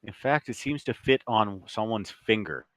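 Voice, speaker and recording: A man with a fairly low voice narrates a tabletop adventure as game master. His delivery is easygoing and conversational, swearing now and then. The sound is close and dry, with no room around it. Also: expressive, normal speed, a bit bright, no room sound. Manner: casual, loose, with mild swearing.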